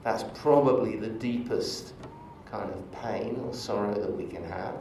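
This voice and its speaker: A man preaching in a church, speaking slowly in a relaxed, conversational way. His voice rings through the big room from a distant mic. A faint hum sits underneath. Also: on the low side. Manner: conversational, storytelling with asides. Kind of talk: sermon. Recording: echoey church from far off.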